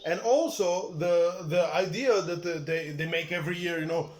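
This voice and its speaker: A man with a high-pitched voice delivers a heated, profane rant, stumbling through fillers and restarts. His voice bounces around an echoey room, and a faint noise runs underneath. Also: moderate pace. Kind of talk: casual rant to camera.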